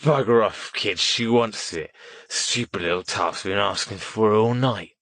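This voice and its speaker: A man's voice: fairly low pitch, measured pace, fairly bright tone, dry recording. A man voicing a drunken young thug with a crude, mocking way of talking. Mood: sneering.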